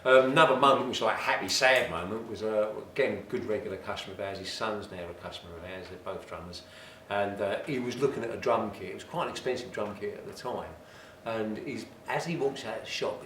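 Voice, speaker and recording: An older man spins stories loudly in a casual chat and laughs easily. He sits a little back from the mic in an echoey shop, with a faint hiss under his voice. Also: lowish voice, quick pace, hardly any pauses, distant mic. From England. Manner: storytelling, loud, laughs easily. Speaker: drum shop owner.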